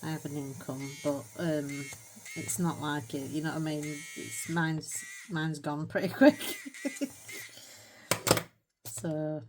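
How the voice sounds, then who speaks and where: A British woman in middle age chats away while she colours, her voice sitting low. She drifts from thought to thought, pokes fun at herself and slips in soft little laughs. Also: steady tone, takes it slowly, long pauses, slight background noise. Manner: chatty and rambling, self-mocking, with little laughs. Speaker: colouring channel host. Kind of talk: casual chat while colouring.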